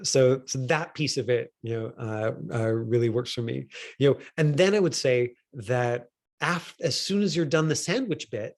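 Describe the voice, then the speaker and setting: A man working as an acting coach, giving a casual and rambling critique of a student's self-tape, full of fillers and restarts. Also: mid-range voice.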